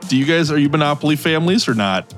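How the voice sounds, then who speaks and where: A man's voice: on the high side, expressive, very fast, a bit bright, soft background music. A man co-hosting a podcast in casual chat, wry, often questioning the others. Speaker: podcast co-host.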